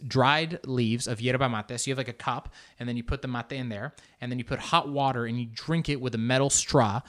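A man hosting a casual solo podcast, talking in an animated, joking and profane way and slipping into Spanish words. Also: medium pitch. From Argentine family background. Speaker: podcast host.

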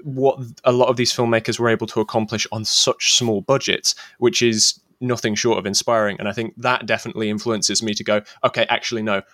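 A man's voice: fairly low pitch, little pitch movement, brisk, hardly any pauses, fairly bright tone, dry recording. A man talks hesitantly as a podcast guest, often stalling with fillers and restarts. The recording is close and dry. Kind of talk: casual panel chat.

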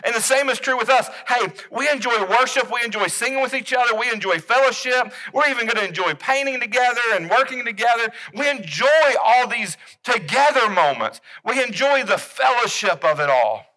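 A man preaching a sermon, animated, swinging between loud emphasis and quiet intensity. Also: extremely high pitch, fairly quick, few pauses, rough recording. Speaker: pastor.

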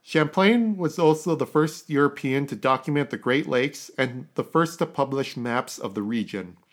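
A Canadian man hosts a casual history podcast, rambling, correcting himself and chuckling at his own asides. His medium-pitched voice is animated and moves at a moderate pace.

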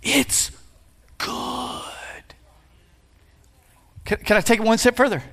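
A man in his fifties, a pastor, preaching a playful sermon that builds to shouts. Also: sits high, very fast. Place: church sanctuary. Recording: long hall reverb.

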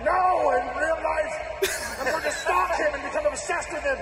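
A man putting on a big brash Irish fighter with a fake Irish accent, shouting deadpan threats in a post-fight interview. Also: very high voice, normal speed. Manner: deadpan absurd trash talk. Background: loud music.

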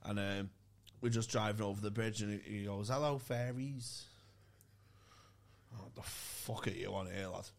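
A man's voice: lowish voice, flat delivery, a little fast, creaky, few pauses. A man chatting casually on a comedy podcast, laid-back and slangy, swearing often. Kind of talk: casual banter.

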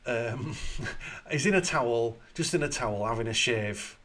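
A man in casual film chat, his voice sitting at an ordinary middle pitch. He retells scenes in a crude, joking way, swearing freely and stopping often for fillers. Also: expressive, unhurried, a bit bright.

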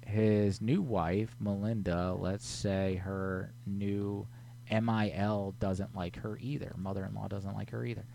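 A man's voice: fairly low pitch, fairly even intonation, a little slow, vocal fry, dark tone, a little hiss or hum. A man hosting a casual live stream, reading viewer messages aloud in a laid-back way. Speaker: host.

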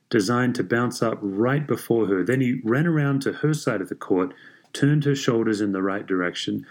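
A man reading a story aloud in a measured, even way. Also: fairly low pitch. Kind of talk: scripted story narration.

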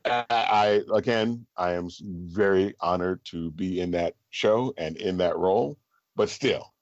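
Lively middle-aged male storyteller, low voice. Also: measured pace, dry recording. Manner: animated storyteller, laughs often. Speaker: guest, stage performer. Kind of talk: casual storytelling in an interview. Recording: slightly dull, dry podcast audio.

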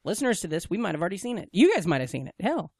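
Fast-talking high-voiced joking man. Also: sing-song, darkish tone, no room sound, clean studio sound. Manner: profane, joking, laughs often. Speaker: podcast co-host. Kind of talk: casual banter. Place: apartment in New York.

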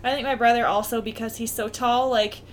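A young woman co-hosting a casual chat, rambling and animated, laughing often. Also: a little high, fairly quick, a little hiss or hum. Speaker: podcast co-host.

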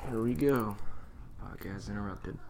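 A man's voice: fairly low pitch, measured pace, creaky, a little mellow. A young man co-hosting a podcast in casual chat, blunt and profane, with emphatic opinions. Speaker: podcast co-host.

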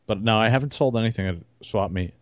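A man co-hosting a casual podcast, relaxed and rambling, often restarting his sentences. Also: on the low side, quick pace, dry recording. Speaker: podcast co-host. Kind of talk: casual chat.

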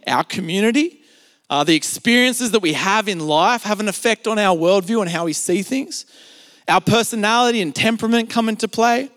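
An Australian man preaches a sermon at a streamed church service, telling stories conversationally and using plenty of filler words. He is a pastor with a high, slightly bright voice, and the recording has a big-room sound.

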